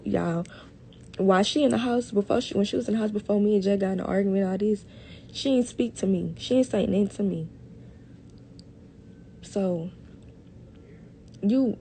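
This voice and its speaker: A young woman telling a story casually on a livestream, animated, talking to her viewers as y'all and swearing a lot. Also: mid-range voice, gravelly, a little hiss or hum. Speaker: live streamer.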